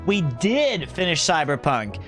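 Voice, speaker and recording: Man, high voice, bright tone, casual gaming stream chat, rambling talk to viewers. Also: sing-song, unhurried, faint music behind. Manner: chatty, rambling, talks to chat.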